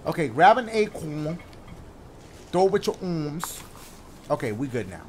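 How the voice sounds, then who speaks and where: A man giving excitable, jokey let's-play commentary, slangy and talking to himself as he plays. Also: fairly high pitch, measured pace, slight background noise. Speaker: gaming YouTuber. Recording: game music under the voice.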